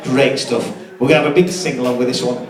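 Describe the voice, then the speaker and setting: A man's voice: mid-range voice, steady tone, quick pace, recorded from a distance, a crowd in the background. Chuckling man in echoey hall. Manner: chatty, chuckling through punchlines, stumbling restarts. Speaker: hotel entertainer. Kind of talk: comic storytelling to a live audience. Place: hotel function room with live audience. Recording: echoey hall, voice off-mic, with music.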